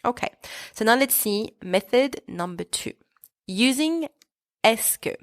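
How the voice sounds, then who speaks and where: Woman teaching French, patient and clear. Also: a little high, expressive, a little slow, no room sound. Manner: clear, patient explaining with spoken French examples. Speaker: French teacher and podcast host. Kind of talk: scripted podcast lesson.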